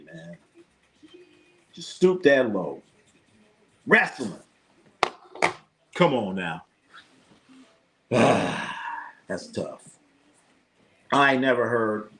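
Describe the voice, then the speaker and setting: A man hosting a casual live sports stream, ranting with lots of swearing and reading chat comments aloud. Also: medium pitch. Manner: profane, animated ranting. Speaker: sports livestream host.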